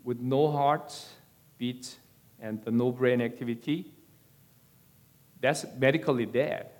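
A man giving a sermon-style teaching in a measured, deliberate way. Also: mid-range voice, steady tone, a little mellow.

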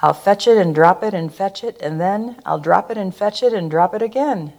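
A woman's voice: medium pitch, moderate pace, natural voice. A woman doing an eager, bouncy dog. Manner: bouncy, excited, rhyming. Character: eager playful dog, excited about fetch.

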